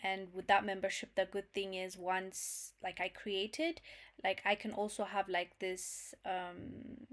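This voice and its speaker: A woman's voice: mid-range voice, little pitch movement, a little slow, fairly bright tone. A young woman hosting a casual livestream, reading viewers' chat messages aloud and answering them with frequent laughs. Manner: chatty, laughs often, talks to viewers as "fam". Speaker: channel host reading live chat.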